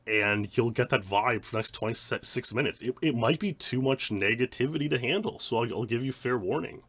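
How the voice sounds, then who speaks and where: A man's voice: mid-range voice, fairly quick, fairly bright tone, slightly rough, no echo. A man, a speedrunner, giving rambling, reflective commentary on his own old streams. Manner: rambling, many restarts and "like" fillers.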